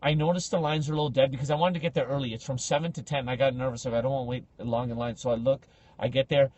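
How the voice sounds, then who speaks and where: A man telling a story on a casual podcast, slangy and animated, acting out the people in it. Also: medium pitch, racing, no room sound. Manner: animated, acts out quoted speech with big loud jumps; slangy, says bro and like a lot.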